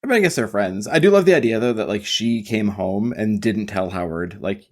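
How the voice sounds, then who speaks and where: A man's voice: on the low side, expressive, brisk, a little mellow. A man co-hosting a podcast in casual chat, blunt and swearing freely, with many "like"s. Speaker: podcast co-host.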